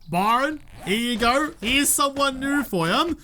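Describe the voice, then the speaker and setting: A man's voice: very high-pitched, lively intonation, slow, sharp tone. Young Australian man, gaming commentary, chatty and jumpy, faint hiss behind. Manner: chatty, jumpy, talks to game characters. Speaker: gaming YouTuber. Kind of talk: let's play commentary.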